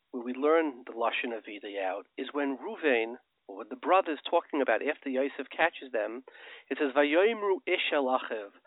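A man's voice: mid-range voice, dry recording. Fervent preacherly male radio host. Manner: fervent, preacherly, builds to emphatic outbursts. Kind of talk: impassioned radio monologue. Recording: narrow phone-like radio sound.

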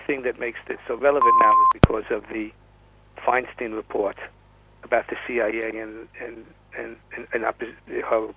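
Rabbi guest calling in, halting and self-correcting; husky, gravelly voice with a flat, even pitch. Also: male voice, rough recording. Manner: halting, with many restarts and repeated words. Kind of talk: discussing questions over the phone. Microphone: phone line.

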